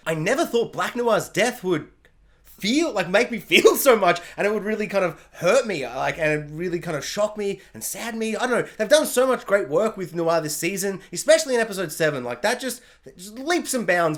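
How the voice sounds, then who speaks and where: A man giving a casual, excitable spoken review of a TV episode, talking fast and filling his sentences with "like". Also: sits high. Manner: chatty and excitable, heavy use of "like".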